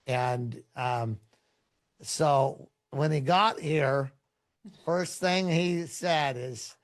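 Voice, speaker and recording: A man who is a pastor, a podcast guest telling a story in a relaxed, conversational way. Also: mid-range voice, drawn-out words.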